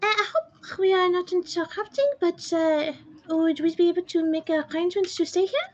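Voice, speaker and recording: A woman voicing a cheerful, polite young adventurer who is bright and eager. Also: extremely high pitch, normal speed, dull audio, voice pushed up.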